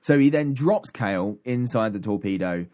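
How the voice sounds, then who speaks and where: A man's voice: on the low side, expressive, moderate pace, dark tone. A man casually recapping an audiobook on a podcast, rambling with many ums and restarts. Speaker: podcast co-host.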